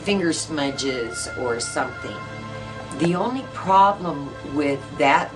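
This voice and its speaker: Deep-voiced and animated, a middle-aged woman speaks slowly while being interviewed about a ghost story from her own life. She tells it earnestly, using many fillers, and the recording has her a bit far from the mic with faint music behind.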